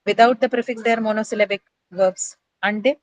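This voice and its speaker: A woman's voice: a little high, fairly even intonation, fast, rough recording. A woman teaching English pronunciation in an online class, explaining patiently step by step and checking in with tag questions.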